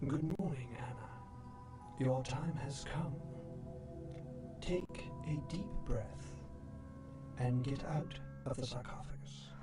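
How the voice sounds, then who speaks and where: An actor playing a calm man who wakes a sleeper, speaking slowly and formally. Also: mid-range voice, close to an everyday voice. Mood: solemn. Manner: slow, measured, formal. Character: calm male voice waking a sleeper. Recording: echoey game audio with loud music.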